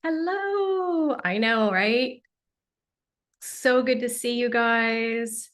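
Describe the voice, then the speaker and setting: Speaking very slowly in a somewhat high voice, a livestream host and spiritual teacher chats warmly, greeting viewers one by one. She's bubbly and effusive, exclaims often, and sounds a little sniffly from allergies.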